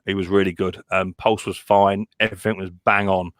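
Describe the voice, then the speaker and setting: A man chats casually as a livestream host, his voice sitting a little low. He rambles and halts, restarting phrases and filling gaps as he goes. The sound is dry and close. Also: flat delivery, no room sound. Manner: rambling, halting with many restarts and fillers. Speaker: live stream host. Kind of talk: casual chat.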